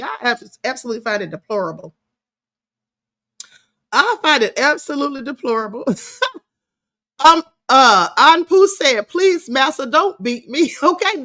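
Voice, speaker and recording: Sassy high-voiced woman host. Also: pushed and bright. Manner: sassy, scornful, laughing often. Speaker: livestream host. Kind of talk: casual live commentary reading chat.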